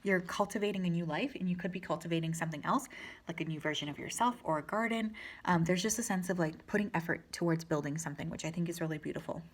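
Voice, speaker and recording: A woman giving a pick-a-card tarot reading, talking in a gentle, reassuring and chatty way, with fillers. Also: on the low side, fast talker. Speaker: tarot reader.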